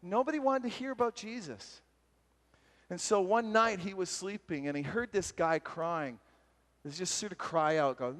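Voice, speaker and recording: A man giving a retreat sermon, telling a story and acting out its voices with lively energy. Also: high-pitched, moderate pace. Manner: animated, acts out voices in stories. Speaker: retreat speaker. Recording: long hall reverb.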